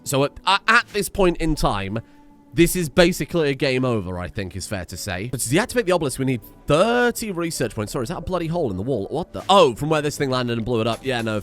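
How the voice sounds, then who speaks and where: British male let's player, slightly high voice, sweary outbursts then mutters, light music bed. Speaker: let's play host. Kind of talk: gameplay commentary.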